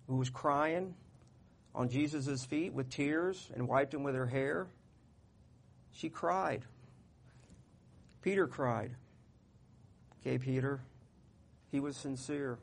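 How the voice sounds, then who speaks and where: A man preaching a sermon in a folksy, conversational way, getting louder when he reads scripture. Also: medium pitch, creaky. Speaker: pastor.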